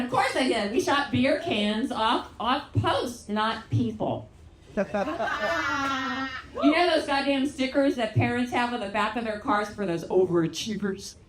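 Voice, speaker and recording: A middle-aged woman from Louisiana with a Southern accent works a theatre crowd in a stand-up set. Her voice sits high and swings widely as she acts out quotes. The slow, brash delivery carries through a roomy hall with clear crowd noise behind. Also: lively intonation. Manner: brash, bawdy storytelling, big acted-out quotes. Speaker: stand-up comedian. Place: theatre stage with live audience.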